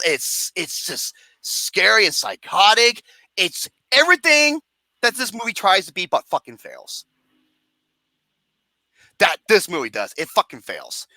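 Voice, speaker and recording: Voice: medium pitch, dry recording. A movie review host ranting profanely and sarcastically about a film, laughing often as they talk. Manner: animated, laughing, swearing, sarcastic. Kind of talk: profane comedic rant.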